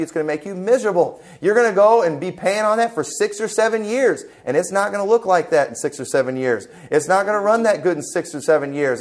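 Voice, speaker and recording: A man pastor preaching a sermon in church, emphatic and conversational, full of rhetorical questions. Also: fairly high pitch.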